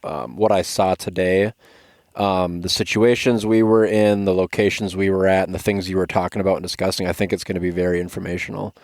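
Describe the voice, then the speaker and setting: A man's voice: sits low, steady tone, brisk, darkish tone, no room sound, clean studio sound. A man who is a guest on a podcast, chatting in an easygoing, agreeable way and sounding exhausted. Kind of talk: casual chat.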